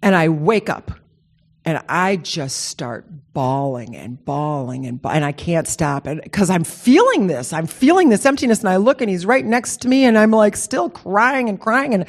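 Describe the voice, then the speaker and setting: Woman, rambling personal story, lively pitch swings, emotional, casual. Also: normal speed. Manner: animated, emotional, rambling with restarts. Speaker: speaker sharing a personal story.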